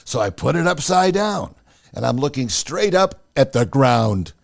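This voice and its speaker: A man's voice: mid-range voice, measured pace, gravelly. A man hosting a podcast, telling a personal story in a casual way and acting out the dialogue as he goes. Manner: animated, acts out the dialogue. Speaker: podcast host.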